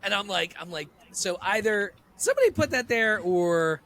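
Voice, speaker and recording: A man's voice: high-pitched, big pitch swings, normal speed, fairly bright tone. A man co-hosting a podcast, rambling and joking with lots of filler words. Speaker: podcast co-host. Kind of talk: casual chat.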